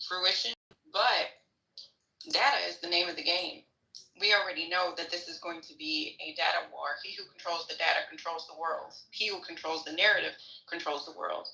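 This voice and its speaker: A woman's voice: fairly low pitch, creaky, pushed and bright, low-quality recording. A woman sharing frank, opinionated views in a casual political discussion, swearing freely.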